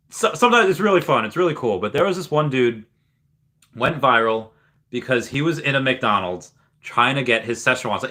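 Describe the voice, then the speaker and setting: A young man chats loosely on his livestream, his voice bright and forward. He rambles through stories with plenty of fillers and false starts, then reads viewers' messages aloud and answers them. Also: mid-range voice. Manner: rambling, many fillers and restarts. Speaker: livestream host. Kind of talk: casual livestream chat.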